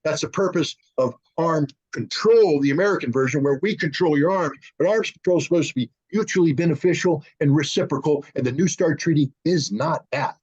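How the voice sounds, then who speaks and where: A man speaking as an arms control analyst in a panel discussion, animated, acting out both sides in quoted dialogue. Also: a little high, fairly quick, few pauses, slightly rough. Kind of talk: conversational panel talk. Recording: dull lo-fi remote audio.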